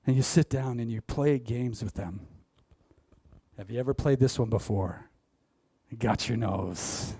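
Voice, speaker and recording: This public speaker gives a motivational talk from the stage, talking directly to listeners and laughing at his own humor. He has a mid-range voice that is dark and slightly rough, with no room sound.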